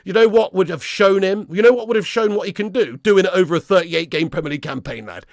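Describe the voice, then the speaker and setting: Young man, live stream host, slightly high voice, gravelly fry, dry close mic, blunt and sweary. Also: fast talker, few pauses, no echo. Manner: blunt, sweary, reads chat comments aloud. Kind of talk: casual live stream chat.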